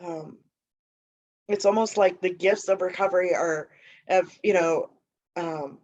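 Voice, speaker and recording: Woman, personal share, halting, searching, lots of fillers, low voice, muffled lo-fi sound. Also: steady tone, a little mellow. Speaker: meeting member sharing. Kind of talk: personal share at a recovery meeting.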